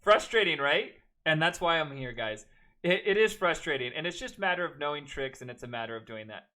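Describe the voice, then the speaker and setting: A man's voice: fairly high pitch, lively intonation, fairly quick, sharp tone. A man teaching a math class, working through steps aloud and cracking chatty jokes at his students in a classroom. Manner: joking, chatty asides between worked steps. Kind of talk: classroom lecture.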